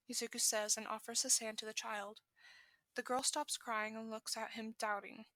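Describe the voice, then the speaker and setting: A woman's voice: on the high side, flat delivery, sharp tone, no echo. A woman reading a fan fiction story aloud, correcting small slips as she goes. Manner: brisk reading with self-corrections. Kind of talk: podfic narration.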